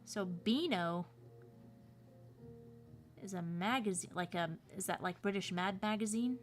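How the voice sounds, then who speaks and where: A woman's voice: medium pitch, a little slow, soft background music. An American woman, a cartoonist and voice actor, chatting casually and rambling on her livestream with playful asides. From United States.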